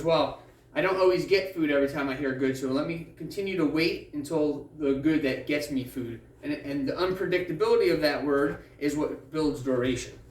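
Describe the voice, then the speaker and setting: Distant, echoey man explaining dog training. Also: on the high side. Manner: patient, plain-spoken explaining. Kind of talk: instructional explanation during a training session. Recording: echoey, distant mic, faint ambient noise.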